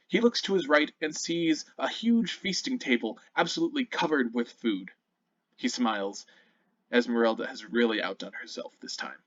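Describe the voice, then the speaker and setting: Male game master narrating a tabletop game, animated and expressive delivery, muffled lo-fi audio. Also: medium pitch, dry recording. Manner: descriptive and animated, with occasional self-corrections. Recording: muffled lo-fi recording.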